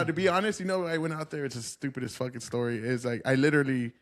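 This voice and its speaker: A man's voice: medium pitch, steady tone, quick pace. A man telling stories as a podcast guest in casual chat, profane and often laughing. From United States.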